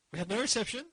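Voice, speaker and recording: Casting: Australian man, podcast host, slightly high, husky, dry close mic, rambling storyteller. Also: sharp tone, no echo, low-quality recording. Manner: rambling storyteller, many restarts. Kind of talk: casual chat.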